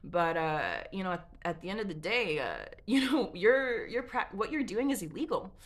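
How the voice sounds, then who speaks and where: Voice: medium pitch, sing-song, normal speed, a bit bright. Narrator putting on a cunning, self-important official, crude and insistent. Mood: threatening. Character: entitled, persistent, cunning Roman official.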